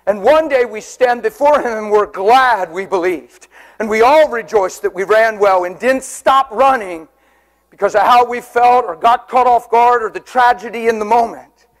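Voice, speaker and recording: A man preaching a sermon with fervour, swinging between shouted exclamations and soft, tender passages. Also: very high-pitched, normal speed.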